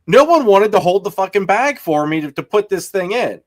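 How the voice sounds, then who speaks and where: A man's voice: high-pitched, very animated, brisk. A man telling a story in a casual chat, rambling and stumbling over his words.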